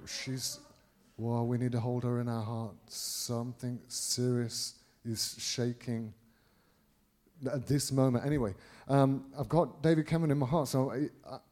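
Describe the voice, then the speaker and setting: Rambling preacher telling a story. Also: male voice, mid-range voice, fairly even intonation, a little slow. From England. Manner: rambling, with many restarts and swings in loudness. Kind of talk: anecdotal preaching to a congregation.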